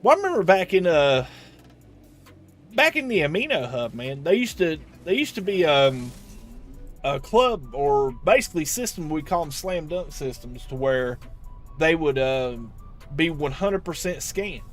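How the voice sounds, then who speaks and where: A man's voice: fairly high pitch, sing-song, a little slow, faint music behind. A man live streaming a video game, chatting casually and answering his viewers' chat with lots of restarts.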